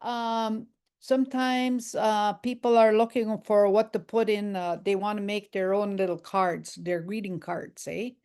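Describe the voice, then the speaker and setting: A woman's voice: mid-range voice, steady tone, measured pace, darkish tone, smooth. An older woman teaching a language lesson, patient and repeating each phrase aloud for learners.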